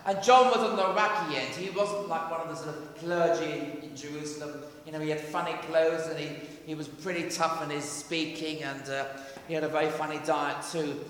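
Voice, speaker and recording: A man, a vicar giving a conversational, animated sermon with jokey asides in a church. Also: a little high, fairly quick. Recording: echoey church hall, faint ambience.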